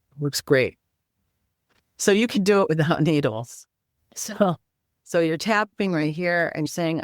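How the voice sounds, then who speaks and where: A woman's voice: a bass voice, no room sound, studio quality. A woman guest in an interview, explaining healing practices and teaching simple exercises step by step. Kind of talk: interview conversation.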